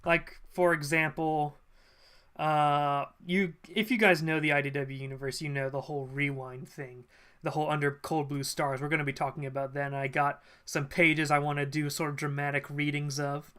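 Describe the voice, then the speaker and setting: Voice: mid-range voice, level tone, fairly bright tone, clean tone. Chatty live streamer talking to chat. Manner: chatty and loose, with frequent ums and quick laughs. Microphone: desk mic at a computer.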